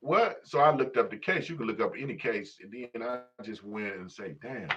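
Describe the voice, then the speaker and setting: A man's voice: lowish voice, normal speed. A middle-aged man from Chicago hosting a livestream, rambling in a profane, streetwise way and filling his talk with "you know what I'm saying". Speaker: livestream host. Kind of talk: casual unscripted monologue. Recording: slightly dull lo-fi audio.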